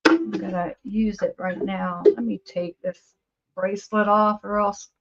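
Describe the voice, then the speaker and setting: A chatty woman over fifty talks to her livestream viewers at an unhurried, slow pace, wandering from thought to thought and easily amused. Her voice sits at an ordinary middle pitch. The audio is a bit dull and lo-fi, like a home stream. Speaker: livestream host. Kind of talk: casual livestream chat with viewers. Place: home studio, indoors.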